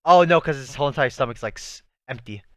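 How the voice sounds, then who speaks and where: Excitable young man reacting, lively pitch. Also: fast talker, no echo, clean studio sound. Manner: excitable, slangy, talks to the screen. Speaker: anime reaction channel host. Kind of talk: live reaction commentary.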